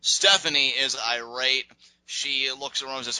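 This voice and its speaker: Bright-voiced man recapping wrestling. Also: mid-range voice, moderate pace, smooth, no echo, rough recording. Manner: animated, acts out wrestlers' lines. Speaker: wrestling podcast co-host. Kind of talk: casual recap chat.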